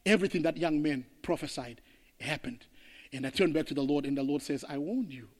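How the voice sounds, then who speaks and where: A man from Zimbabwe, a pastor preaching an impassioned sermon that swings between loud declarations and hushed passages. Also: fairly high pitch, brisk, in a large hall.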